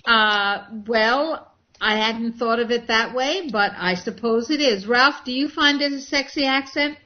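A woman hosting an online program, choosing her words with care and reacting eagerly to what others say. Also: a little high. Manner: measured, elaborate wording with eager reactions. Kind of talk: casual online panel talk. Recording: slightly muffled online audio.

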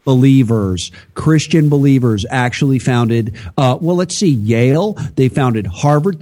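A man's voice: fairly high pitch, a little mellow, slightly rough. A man co-hosting a political talk show, lecturing in a preachy way with rhetorical questions. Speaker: podcast co-host.

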